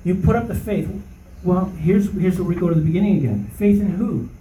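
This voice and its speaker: A man's voice: sits high, a little fast, warm tone, far from the mic, a little hiss or hum. A man leading an informal Bible study for a small group, emphatic and rising to preaching fervor, often checking in with "okay?". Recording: roomy echo, voice from off-mic, faint ambience.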